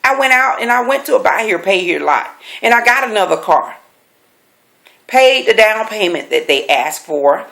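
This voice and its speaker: A middle-aged woman, a life coach, telling a personal story with animated, emphatic delivery, repeating key phrases for effect. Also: mid-range voice, moderate pace, gravelly. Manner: animated, acts out quoted voices; emphatic repetition.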